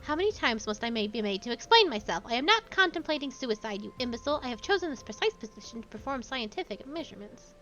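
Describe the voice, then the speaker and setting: A woman's voice: on the high side, big pitch swings, fast talker, few pauses, fairly bright tone, muffled recording, soft background music. A woman voicing a pompous, self-important young male scholar, reading game dialogue in a grand, formal way. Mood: haughty.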